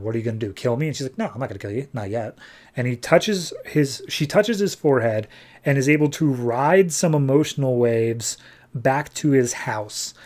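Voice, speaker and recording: A man's voice: mid-range voice, darkish tone. A man hosting a podcast, casually retelling a comic book plot and paraphrasing the characters with lots of "he's like". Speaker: podcast host.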